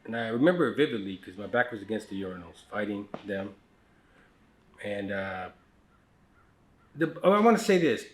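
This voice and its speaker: A man's voice: on the low side, sing-song, moderate pace, long pauses, slight background noise. A middle-aged man from the United States tells personal stories in a loose, conversational way. He restarts sentences often and drops his voice for asides, sounding candid and unrehearsed. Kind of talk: casual storytelling conversation.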